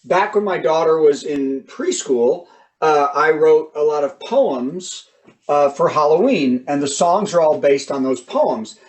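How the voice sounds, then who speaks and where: A man doing stand-up comedy on a video call, telling lively jokes and stories. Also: fairly high pitch, unhurried, far from the mic, poor audio. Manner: animated, joking, lively storytelling.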